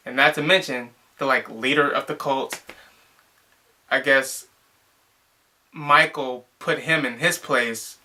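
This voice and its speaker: A man's voice: medium pitch, slow, pushed and bright. A young man casually reviewing a movie, rambling and exasperated, with lots of filler words.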